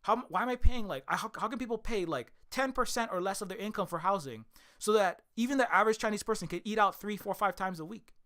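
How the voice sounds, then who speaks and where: A man's voice: sits high, quick pace, bright, forceful tone. A young man from Hawaii talking in a rambling, emphatic monologue, swearing often and restarting his sentences. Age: young adult. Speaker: video creator. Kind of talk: casual monologue.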